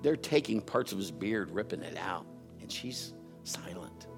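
Over music, a middle-aged pastor with a deep, creaky voice preaches a little slowly but animatedly. He tells family stories through playful mimicry and loud impressions.

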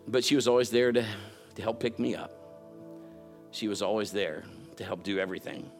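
A man's voice: fairly low pitch, brisk, soft background music. A middle-aged man preaching a sermon, telling family stories with playful mimicry. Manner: storytelling with playful mimicry and loud impressions. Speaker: pastor.

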